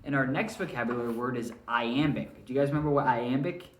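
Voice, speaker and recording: A man teaching a lesson to his students, friendly and patient, checking in again and again with "all right?". His voice sits at a middle pitch. The recording sounds roomy, with the mic some distance away. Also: quick pace.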